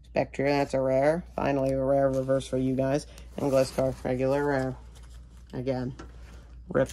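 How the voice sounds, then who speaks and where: Slow, rambling man opening card packs. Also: mid-range voice, monotone, dark tone, slight background noise. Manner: rambling, jokey self-talk, refers to himself in third person. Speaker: card-opening video host. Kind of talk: casual narration while opening card packs.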